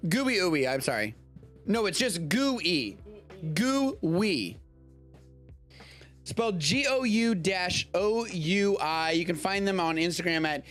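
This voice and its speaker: A man's voice: high-pitched, a bit bright. A man hosting a live show in casual chat, loose and rambling as he talks, swearing offhandedly now and then. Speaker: show host. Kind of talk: casual chat, tasting food. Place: home studio during a live stream.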